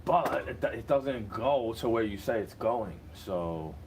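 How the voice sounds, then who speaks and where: A man's voice: fairly low pitch, animated, darkish tone, slight background noise. A young man ranting in a casual, profane, rambling monologue while sitting in a car. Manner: agitated, profane, rambling and rapid-fire.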